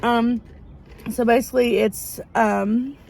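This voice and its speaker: A woman, chatting excitedly and rambling with many fillers as she recaps a romance novel. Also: a little high, slow, creaky, slight background noise, low-quality recording. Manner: gushing, rambling, lots of fillers. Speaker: book vlogger. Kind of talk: casual book review chat. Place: outdoors near a parking lot.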